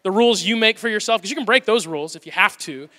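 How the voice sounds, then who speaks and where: A man in his thirties preaching a sermon in a church, animated and conversational with playful asides. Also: high-pitched, quick pace. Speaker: pastor. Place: church auditorium. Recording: hall reverb.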